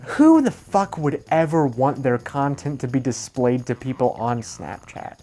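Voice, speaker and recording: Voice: mid-range voice, very animated, a little slow, mellow. A vlogger giving casual reaction commentary in a rambling, sarcastic way, swearing freely and mocking himself as he goes. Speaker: commentary YouTuber.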